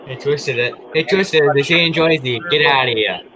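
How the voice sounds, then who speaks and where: A man's voice: mid-range voice, moderate pace, a loud crowd, low-quality recording. A man with a Michigan accent, joking and teasing in a casual group chat.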